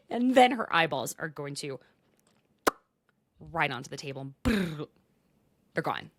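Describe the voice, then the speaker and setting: Lively chatty woman hosting a podcast. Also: deep voice, slow pace, pauses often, dry recording, studio quality. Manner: animated, dramatic, drops to whispered asides. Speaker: podcast host. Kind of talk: casual recap chat.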